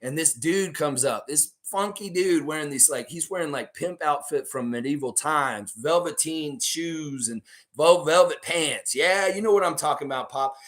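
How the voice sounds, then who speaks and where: A young man hosting a live stream in a loose, rambling way. His voice is hoarse, sitting somewhat high. He jumps animatedly between stories and chat with viewers. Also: moderate pace, fairly bright tone.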